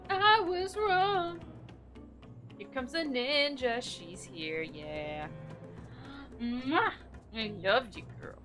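A woman's voice: fairly high pitch, sing-song, slow pace, fairly bright tone, soft background music. A young woman streaming a game, chatting casually with viewers, giggly and thinking aloud. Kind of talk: casual gameplay chat.

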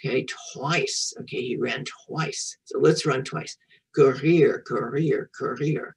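A woman's voice: rumbling low, takes it slowly, creaky, breathy edge, recorded from a distance, low-quality recording. A woman reading a picture book aloud to a young child, patiently repeating French words and encouraging the child to say them back. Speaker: children's storyteller and French teacher.

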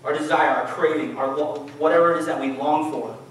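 Male preacher, chatty sermon, slightly higher voice, heard from far off in a church. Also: steady tone, a little fast, slight background noise. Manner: casual, conversational preaching with audience questions. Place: church hall. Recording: echoey church hall, mic from far off.

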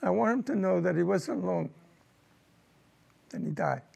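Gravelly older veteran recalling war. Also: male voice, high voice, darkish tone. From United States. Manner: emotional, halting recollection with repeated words. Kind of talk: personal war testimony.

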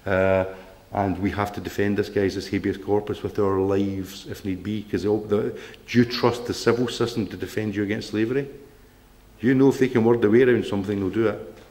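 A man's voice: fairly low pitch, fairly even intonation, normal speed, a little mellow. A man giving a combative public talk to a local group, blunt and swearing, often asking "right?". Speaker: campaign speaker. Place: meeting room.

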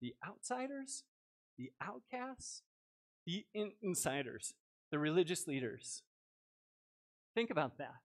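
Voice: medium pitch, very animated, takes it slowly, long pauses. A pastor giving a church sermon, reading scripture aloud and then explaining it with rhetorical questions.

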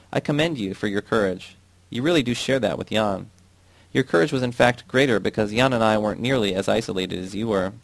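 A man reading a novel aloud in a steady, measured way. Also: on the low side, creaky, no echo. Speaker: audiobook reader.

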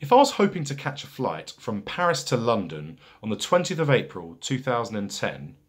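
Here a man with a low, slightly rough voice hosts a laid-back pub quiz. Questions come twice, read slowly and deliberately, with conversational asides between rounds.

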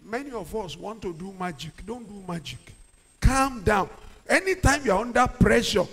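A man's voice: high voice, expressive, moderate pace, husky. Man, pastor preaching, call-and-response, ringing church-hall reverb. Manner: call-and-response preaching, swings from quiet to shouting. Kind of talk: sermon.

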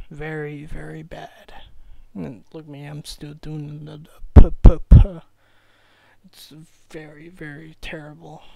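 A man giving casual rambling commentary, stammering, apologetic and low-energy on an old cheap microphone. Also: gravelly, dark tone, no echo, rough recording. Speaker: amateur commentator.

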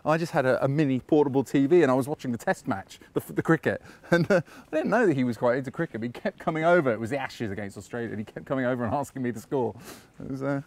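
A man's voice: mid-range voice, fast talker, hardly any pauses, darkish tone. A man chatting casually as he leads a walking tour outdoors, full of anecdotes and frequent chuckles. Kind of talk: casual guided walk narration. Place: outdoors on a park walk.

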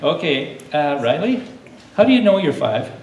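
A man leading a lively lesson for a room of children, coaxing them to call out answers like a coach. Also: a little high, moderate pace. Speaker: children's teacher. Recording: echoey room, distant mic, faint hum.

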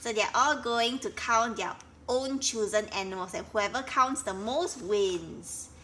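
A woman's voice: a little high, measured pace, bright, forceful tone, slight background noise. A woman reading a storybook aloud and stopping to explain words, checking in with "okay?". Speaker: storyteller and teacher.

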